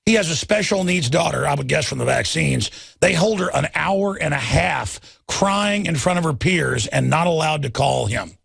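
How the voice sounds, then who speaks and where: A man hosting a talk radio show, ranting angrily and breaking into shouts. His voice sits high and swoops a lot, with a gravelly edge. Music plays behind him. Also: animated, moderate pace, no echo, clean studio sound.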